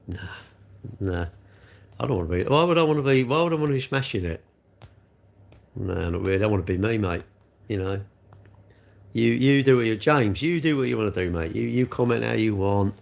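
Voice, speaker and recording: A middle-aged man hosting a casual livestream, rambling from one viewer comment to the next. His voice sits low with a gravelly, fried edge, and he keeps calling people mate. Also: animated, brisk, pauses often. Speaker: livestream host.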